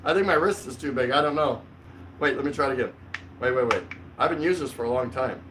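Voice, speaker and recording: This vlogger host is a fast-talking middle-aged man with a medium-pitched voice, running a relaxed livestream chat from the couch at home. He rambles, fills gaps with fillers and laughs frequently. The mic sits at a distance, catching faint room noise.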